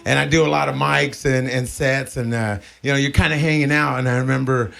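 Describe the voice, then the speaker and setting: A stand-up comedian in his forties performs live before an audience, rambling crudely, stammering through restarts, and laughing at his own jokes as crowd laughter sounds behind. His gravelly, fairly bright voice is medium-pitched, fairly quick, and fairly even in intonation.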